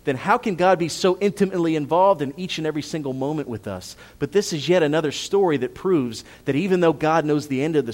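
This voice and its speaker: A pastor with a voice on the high side preaches a sermon, climbing to emphatic peaks and dropping to soft appeals. He repeats phrases and puts questions to the congregation.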